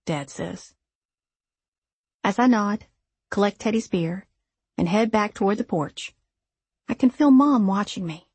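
A woman reads a first-person story aloud in an even, reflective way. Her voice is slightly husky and sits at a middle pitch. The recording is dry, with no room sound. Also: unhurried, pauses often, no echo. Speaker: audiobook narrator. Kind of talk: first-person audiobook narration.

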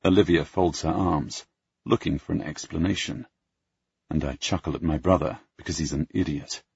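A man narrating a first-person audiobook with measured, expressive storytelling. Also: very deep voice, gravelly, husky, no room sound. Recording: dull lo-fi dry recording.

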